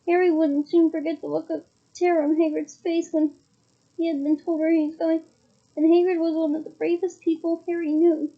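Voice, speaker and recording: Woman reading a story out loud, super high voice, trips over words and fixes them, muffled lo-fi audio. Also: flat delivery, normal speed. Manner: casual reading with slips and self-corrections. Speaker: reader. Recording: muffled lo-fi recording.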